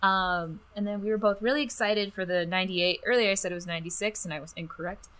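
A woman co-hosting a podcast in relaxed, chatty conversation. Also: mid-range voice, fast. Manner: relaxed, chatty, laughs easily. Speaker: podcast co-host. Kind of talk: casual chat.

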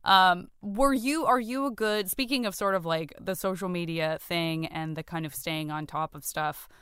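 A woman's voice: fairly low pitch, normal speed, fairly bright tone, clean tone, dry recording, studio quality. A woman hosting a podcast in casual chat, rambling and giggly, sometimes slipping into playful voices. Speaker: podcast host.

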